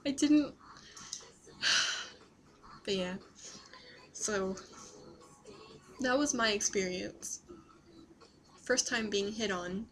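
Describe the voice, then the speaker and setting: A woman's voice: medium pitch, extremely slow, pauses often, a bit bright, slight background noise, poor audio. A young woman vlogging, telling a story casually and laughing often as she talks.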